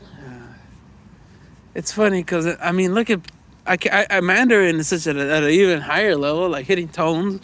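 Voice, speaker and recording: Talking outdoors at a normal speed, a Mexican-American man from the United States rambles through a casual vlog monologue. His voice is high and a bit bright, and his speech is full of "man," "you know," and swearing.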